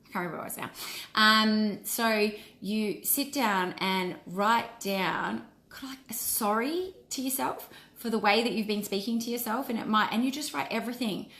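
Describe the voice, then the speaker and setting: A woman's voice: mid-range voice, normal speed, fairly bright tone. A woman in her forties, a wellness coach, giving an earnest and encouraging casual live-stream talk. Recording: roomy echo.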